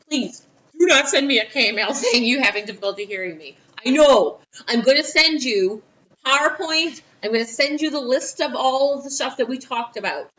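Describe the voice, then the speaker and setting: A woman's voice: on the high side, fairly bright tone, far from the mic, rough recording. A woman teacher with a New Orleans accent giving a chatty history lesson with asides. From Louisiana, USA. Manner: chatty, with asides and quoted voices. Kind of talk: recorded history lesson for a class.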